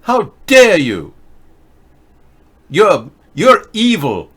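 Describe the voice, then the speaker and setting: A man mocking a scolding teenage girl activist in a high, shouting voice. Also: huge pitch swings, extremely slow, breathy edge, full character voice. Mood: indignant. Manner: shouting, accusing.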